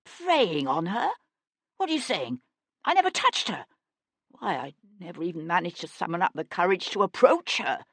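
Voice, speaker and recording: A woman voicing a frightened, spoiled young man who protests in a high, shaky voice. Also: big pitch swings, normal speed, no echo.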